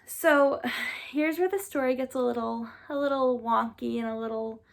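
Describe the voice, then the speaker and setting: A woman's voice: on the high side, normal speed, gravelly. A woman in her twenties telling her own story to camera in a casual, chatty way, full of fillers. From Massachusetts, US. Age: 20s. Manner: chatty, many "like" and "um" fillers, sighs.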